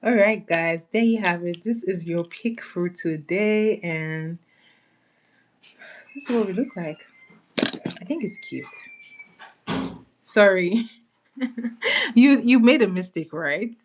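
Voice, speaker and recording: A woman's voice: medium pitch, animated, slow pace, long pauses, a little hiss or hum. A woman hosting a casual makeup livestream, chatting with viewers and greeting them by name as she applies products. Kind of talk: casual live-stream chat.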